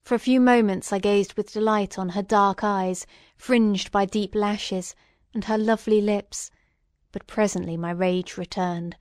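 A woman reading a classic novel aloud in a measured, solemn manner. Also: medium pitch, steady tone, darkish tone, no echo, clean studio sound. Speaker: audiobook reader.

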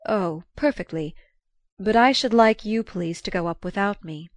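A woman reading an audiobook, voicing a quiet, wistful older gentleman and father who speaks slowly, gently and with restraint. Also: medium pitch, no room sound, lightly acted. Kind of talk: audiobook character voice.

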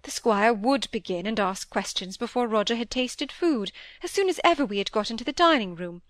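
A woman voicing a gentle middle-aged mother, plaintive and soft, tumbling on in distress. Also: a little high, animated, fairly quick, dry recording, clean studio sound. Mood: anxious. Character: tearful gentle middle-aged mother, anxious for her son.

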